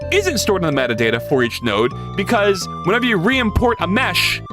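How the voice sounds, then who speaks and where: Brief: male coding streamer, wildly lively pitch, slightly high, rambling and swearing, faint music underneath. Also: fairly quick. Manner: profane, rambling and jokey, with big pitch swings. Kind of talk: casual coding livestream chat.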